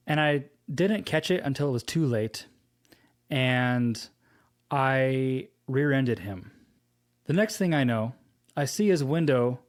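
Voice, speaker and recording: A man giving a devotional teaching, telling a personal story slowly and earnestly and quoting scripture. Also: mid-range voice. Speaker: preacher.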